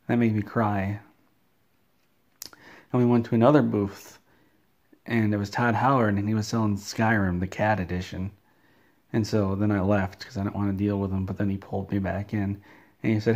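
A man rambles through a silly story in a flat, deadpan delivery. His voice sits somewhat low for a man, and his tone stays dry. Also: normal speed, pauses often. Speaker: comedy vlogger. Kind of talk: absurd comic storytelling.

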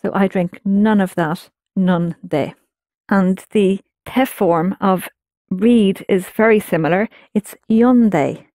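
A woman leads a language class, laying out rules in a patient, explanatory manner before inviting students to practice them. She speaks slowly in a dark-toned, mid-pitched voice, captured close and dry without any echo.

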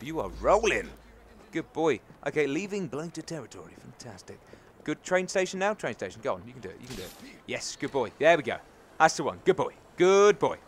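Excitable British man commentating a game. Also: mid-range voice, a little hiss or hum. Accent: British English. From England. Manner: excitable, cheers and scolds the game aloud. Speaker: gaming channel host. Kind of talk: let's-play commentary.

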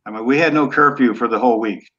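An older man in his sixties talks in an easygoing, blunt way, dropping curse words as he tells his stories. His voice sits at an ordinary pitch for a man. The audio comes through dull and lo-fi. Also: fast, sharp tone. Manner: laid-back, blunt, cusses freely. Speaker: guest, former football quarterback. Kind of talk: casual storytelling interview.

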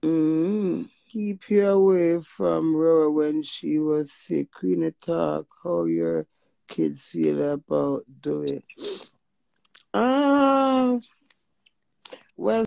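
A woman's voice: low voice, vocal fry, mellow, no room sound. A woman with a Jamaican accent giving an emotional spoken testimony, preachy and emphatic, mixing patois with swearing and often asking "you hear that?". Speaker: vlogger sharing personal testimony.

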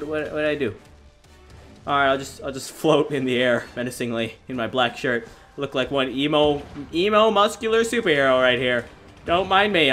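Young man, gaming commentary, lively pitch swings, laughing at himself, faint background music. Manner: excitable, self-mocking, bursts into laughter. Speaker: gaming YouTuber. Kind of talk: gameplay commentary.

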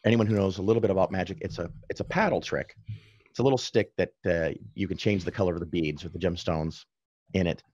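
A man guest on a podcast, casually telling anecdotes with quick asides and self-corrections. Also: sits low, a little mellow, husky, dry recording, highs cut off. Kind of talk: casual storytelling in conversation.

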